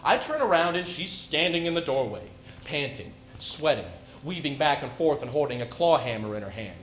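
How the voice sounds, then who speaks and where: A man's voice: on the high side, very animated, normal speed, reverberant, slight background noise. A young man playing a menacing death-row killer. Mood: tense. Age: teens. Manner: soft, confiding menace breaking into frenzied shouting. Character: calm, unhinged male serial killer on death row. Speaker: student performer. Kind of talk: competitive dramatic monologue. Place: school auditorium stage.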